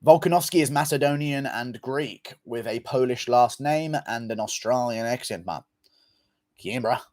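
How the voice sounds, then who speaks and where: A livestream host with a medium-pitched, slightly mellow voice reads viewer comments in a loose, offhand way, swearing freely at a moderate pace. The audio is dry, with no room sound.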